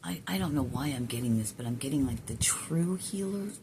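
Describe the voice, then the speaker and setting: Her voice is low-pitched and expressive with a darkish tone, and there's slight noise behind her. She's a spiritual vlogger filming herself on a phone, rambling through a casual talk to camera, cursing, chuckling to herself, and restarting often.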